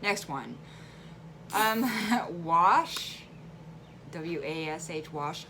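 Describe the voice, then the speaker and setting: A woman speaks in a central Illinois accent, her voice sitting a touch low. She chats casually and animatedly as a vlogger. A clear hiss of noise runs under the home recording. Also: slow. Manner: chatty, animated, laughs easily. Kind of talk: casual chat.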